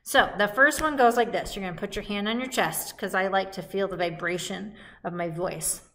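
A woman's voice: mid-range voice, moderate pace, fairly bright tone. A woman teaching a music lesson to young children in a cheerful, sing-song call-and-response way, recorded at home.

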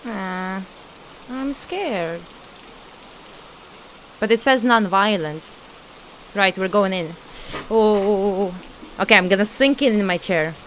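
Woman gamer, slow nervous commentary, faint rain behind. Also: medium pitch, a bit bright, a little hiss or hum. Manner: talks to the ghost, scared, laughing nervously. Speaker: streamer playing a horror game. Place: at home at her computer.

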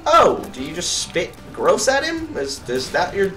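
A young man giving let's play commentary, cursing at enemies and getting excitable. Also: on the high side, normal speed, gravelly, hardly any pauses. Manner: profane, excitable, yells at enemies. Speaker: gamer. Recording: distant mic with game music behind.

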